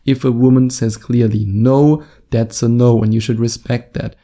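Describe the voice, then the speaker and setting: Gravelly dating coach with a dark voice. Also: male voice, medium pitch, fairly even intonation. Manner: slow and deliberate, with long pauses for effect. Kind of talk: advice talk to camera.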